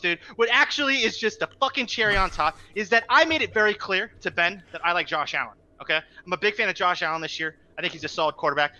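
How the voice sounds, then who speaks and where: A man's voice: high-pitched, bright, forceful tone, dull audio. A young man co-hosting a podcast, ranting with exasperation and lots of swearing in casual chat. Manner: exasperated, profane, heated ranting. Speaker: podcast co-host.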